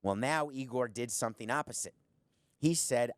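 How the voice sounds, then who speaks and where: A man's voice: medium pitch, normal speed, dry recording. A middle-aged man hosting a sports commentary show from a studio, sarcastic and emphatic, speaking straight to the viewer. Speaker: show host, former team owner. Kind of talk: opinionated sports commentary monologue.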